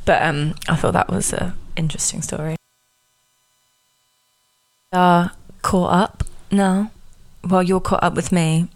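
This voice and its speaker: A young woman talks through a story on her own podcast in a loose, chatty way, filling her sentences with "like" and "um". Her voice sits a little low for a woman. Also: fairly even intonation, measured pace, pauses often. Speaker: podcast host. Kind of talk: casual chat.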